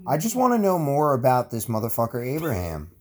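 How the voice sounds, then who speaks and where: A man's voice: medium pitch, huge pitch swings, brisk. A man co-hosting a casual history podcast, profane and jokey. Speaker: podcast co-host.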